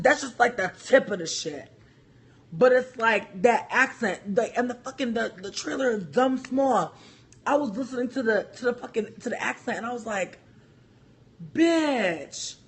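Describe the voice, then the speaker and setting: A man's voice: high voice, a bit bright, slightly rough. A man giving a heated, profane opinion rant to camera as a vlogger, repeating himself as he vents.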